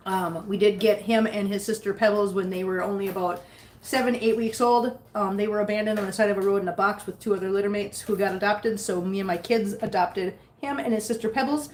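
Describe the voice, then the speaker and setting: A woman's voice: medium pitch, fairly even intonation, brisk, a little mellow, slight background noise. A middle-aged woman chatting casually on a livestream and cooing baby talk to her cats. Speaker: vlogger reading live chat.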